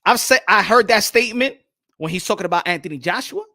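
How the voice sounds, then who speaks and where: A young man hosting a boxing talk stream, animated and swearing freely as he reads the chat. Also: high voice, quick pace. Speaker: boxing commentator host.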